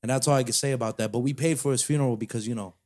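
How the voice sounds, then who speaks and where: A man's voice: mid-range voice, fairly even intonation, racing, a little mellow, lightly acted. A man putting on a New York mob boss. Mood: boastful, conspiratorial. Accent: put-on New York Italian mafia accent. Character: male New York mob boss Uncle Danny, boastful gambler.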